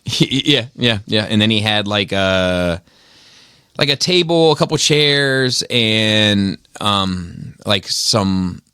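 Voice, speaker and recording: Deep-voiced man rambling on a podcast. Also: animated, takes it slowly, pushed and bright, clear, resonant tone, no room sound, studio quality. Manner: rambling, lots of fillers and restarts, profane. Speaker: podcast host. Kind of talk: casual chat. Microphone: studio mic on arm.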